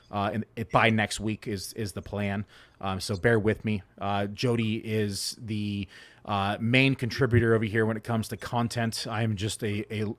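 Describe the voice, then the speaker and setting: A man co-hosting a fantasy football show in a casual, rambling way with plenty of fillers. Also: fairly low pitch. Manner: laid-back, rambling with many fillers. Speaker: fantasy football analyst co-host. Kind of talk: casual podcast chat.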